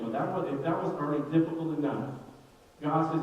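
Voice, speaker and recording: Middle-aged man, pastor, sermon, high voice, energetic, joking, long hall reverb. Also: fairly quick, highs cut off. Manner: energetic, joking, speaks straight to the congregation, many restarts. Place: church sanctuary. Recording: echoey hall, mic far off.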